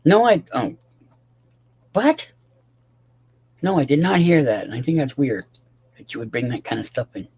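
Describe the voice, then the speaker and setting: A man's voice: mid-range voice, sing-song, moderate pace, long pauses, a little mellow, slightly rough. A tired man rambling casually to his livestream chat, swearing often and talking to viewers by name.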